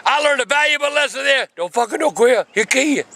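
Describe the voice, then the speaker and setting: An older man, telling a profane story in a gruff voice and breaking into shouts. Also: extremely high pitch, lively intonation, fast. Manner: gruff, cursing, bursts into shouts. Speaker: grandfather telling stories.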